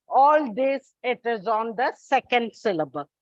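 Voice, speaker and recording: A woman teacher giving a classroom lecture on English, speaking deliberately, listing examples one by one and calling her students children. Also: on the high side, expressive, no echo. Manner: slow, deliberate, repeats and lists examples. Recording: dull, lo-fi sound.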